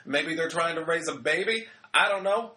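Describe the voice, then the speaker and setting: A young man talks through a wrestling episode in a loose, rambling way, cracking jokes and slipping into quick impressions of what people said. His voice sits a little high and sounds bright and forward. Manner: chatty, rambling, joking, acts out quotes. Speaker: wrestling show reviewer. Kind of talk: casual recap commentary.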